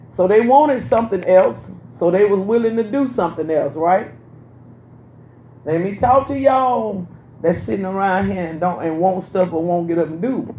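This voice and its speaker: A man preaching a sermon, emphatic and repetitive, swinging from loud to hushed. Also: sits high, slight background noise. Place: church sanctuary. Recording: roomy, dull sound with faint ambience.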